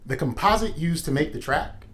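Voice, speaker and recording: A man in casual chat, telling stories in an animated way with profane slang. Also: on the high side, normal speed.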